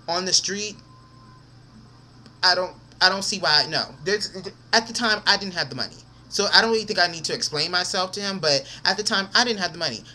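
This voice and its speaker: A man's voice: sits high, bright, forceful tone, slight background noise. A young man vlogging an angry, profane rant, repeating himself as he vents.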